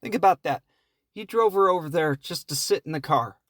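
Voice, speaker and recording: A man's voice: on the high side, expressive, a little fast, fairly bright tone, dry recording, studio quality. Rambling, profane man recapping a film. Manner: rambling, profane, amused, slips into quoted voices. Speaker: podcast host reviewing films. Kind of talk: casual comedic recap.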